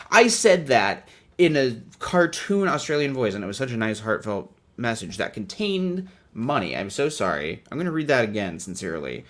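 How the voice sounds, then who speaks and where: A young man hosting a comedic commentary video, riffing wryly on book illustrations and swinging from mutters to excited outbursts. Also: medium pitch, normal speed. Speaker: video host.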